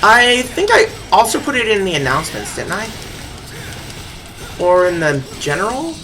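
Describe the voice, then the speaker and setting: A game streamer chatting casually while playing, rambling and giggly, quick to laugh at their own slips. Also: medium pitch, big pitch swings, over music. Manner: rambling, giggly, self-deprecating. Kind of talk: casual live-stream chat while gaming.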